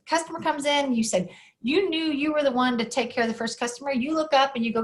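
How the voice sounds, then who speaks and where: Animated woman telling a story. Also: high-pitched, fairly quick. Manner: animated storyteller who acts out quoted voices. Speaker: podcast guest. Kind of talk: storytelling in an interview.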